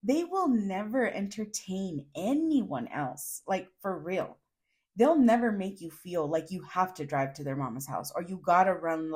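A woman's voice: mid-range voice, darkish tone. A woman hosting a solo podcast, talking to listeners in a candid, chatty way, laughing through her lines and swearing casually. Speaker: podcast host.

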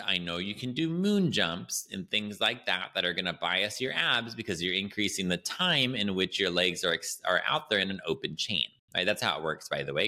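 A man hosting an educational podcast, talking casually and animatedly as he explains training ideas, often checking in with "right?". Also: lowish voice. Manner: animated and chatty, often tags lines with "right?". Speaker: podcast host and Pilates educator.

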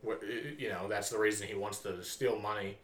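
A man on a casual podcast who thinks aloud and hesitates, often pausing mid-thought. His voice is bright and forceful. The recording has plenty of room echo. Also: fairly low pitch, steady tone. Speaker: podcast co-host. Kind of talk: casual chat. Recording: echoey room.

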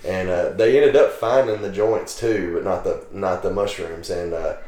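A man's voice: deep voice, steady tone, normal speed, darkish tone. A man co-hosting a podcast, eagerly sharing movie trivia in a casual, easygoing way. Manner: shares trivia eagerly, easy laugh. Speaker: podcast co-host. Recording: echoey room.

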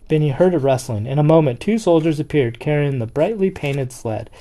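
A storyteller reading a children's picture book aloud in a steady, expressive way. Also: medium pitch, fairly quick, hardly any pauses.

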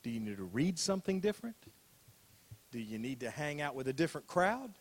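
A man's voice: on the high side, sing-song, brisk. An older man preaching a sermon as a pastor, talking in a conversational way, repeating phrases and asking rhetorical questions.

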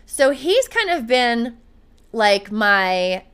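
Smooth-voiced chatty woman host. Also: fairly high pitch, big pitch swings, very slow, fairly bright tone. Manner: chatty, storytelling, upbeat. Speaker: podcast host and running coach. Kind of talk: casual podcast chat.

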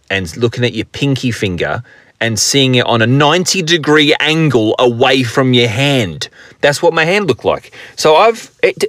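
Alone in his car, a male podcast host tells a rambling, crude, jokey story and laughs often. His mid-range voice is a bit bright, recorded at studio quality with no echo.

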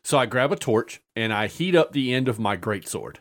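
An easygoing man recounting a tabletop session with loose, unhurried storytelling. His voice sits at an ordinary middle pitch. He scatters "uh"s throughout and laughs at his own jokes. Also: big pitch swings. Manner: laughs often while telling a story, with many filler "uh"s. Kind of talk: casual storytelling chat.

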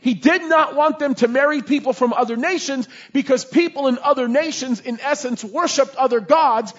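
A male pastor preaches to his church, telling stories in a lively, conversational way. His voice sits fairly high with a husky grain. The recording is dull and lo-fi. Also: moderate pace, hardly any pauses. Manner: animated storytelling, conversational. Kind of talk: sermon.

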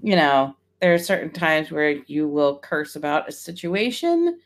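A woman's voice: sits low, very animated, measured pace. A woman who leads groups, speaking frankly and matter-of-factly in a casual podcast chat.

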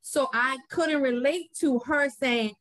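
A woman's voice: sits high, slow pace, fairly bright tone, rough recording. A woman, a podcast guest telling a story. She acts out the voices of the people she quotes and often repeats her words. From New Orleans, US. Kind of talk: casual interview conversation.

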